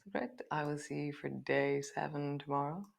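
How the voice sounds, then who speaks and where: A woman's voice: deep voice, moderate pace, vocal fry. Chatty woman teaching yoga. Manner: chatty, laughing, relaxed and self-mocking. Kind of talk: guiding a live yoga class.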